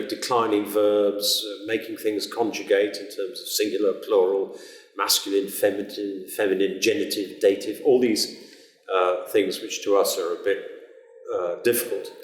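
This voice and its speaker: A man, an actor, giving a chatty, informal talk on how to speak an old form of English, with plenty of uhs and pauses. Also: on the low side. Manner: relaxed, chatty, with many uhs. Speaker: actor teaching Middle English. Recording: roomy echo.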